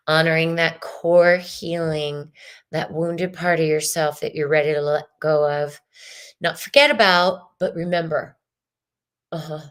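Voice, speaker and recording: A woman hosting a live tarot stream, talking in a slow, drawn-out, unhurried way. Her voice sits a little low, and she meanders and soothes, with plenty of ums and pauses. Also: a bit bright. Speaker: tarot reader.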